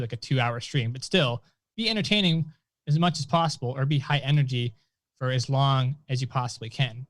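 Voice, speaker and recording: A man's voice: medium pitch, no room sound. Thoughtful man in a dry room. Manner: thoughtful, with fillers and restarts. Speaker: co-host. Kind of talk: casual advice chat.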